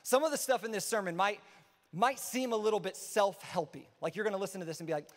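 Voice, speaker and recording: A man preaching a sermon as pastor, energetic and casual, repeating phrases for emphasis. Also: sits high, fast, in a large hall.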